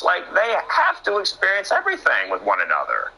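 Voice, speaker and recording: A young man doing excitable play-by-play commentary on a wrestling match, often breaking into sudden exclamations. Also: high-pitched, fairly quick, hardly any pauses, slightly rough, low-quality recording.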